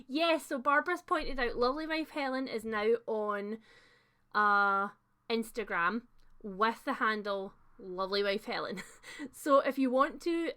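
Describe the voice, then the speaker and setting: A young woman hosts a casual livestream, chatting to viewers as she reads their comments. Her voice is bright and fairly light, and she talks in a loose, friendly way with plenty of fillers. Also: fairly high pitch. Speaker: host of a livestream book chat.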